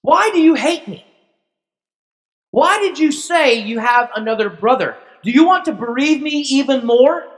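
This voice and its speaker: A man's voice: very high-pitched, animated, measured pace, voice pushed up. A man voicing a distraught aging father who pleads and stammers in panic, in a reverberant hall. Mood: frantic, anguished. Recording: long church-hall reverb.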